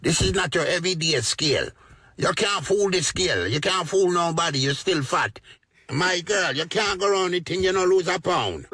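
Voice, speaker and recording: A man's voice: sits high, animated, moderate pace, pushed and bright, breathy edge, no room sound, studio quality, exaggerated voice. A man dubbing a blunt, mocking male weight-loss doctor with a Jamaican accent in a comedic dub. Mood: scolding.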